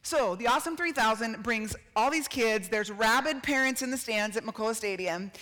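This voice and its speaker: Animated, bright-voiced woman preacher. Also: a little high, normal speed, big-room sound. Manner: animated, acts out quotes, laughs and shouts. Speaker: speaker at a church gathering. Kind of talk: storytelling sermon.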